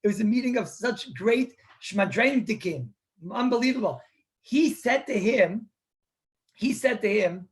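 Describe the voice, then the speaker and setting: Rabbi, man, throat-clearing online class. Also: high voice, animated, unhurried, pauses often. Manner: conversational, repeats words, clears throat often. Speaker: rabbi teaching Jewish law. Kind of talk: live online Torah class.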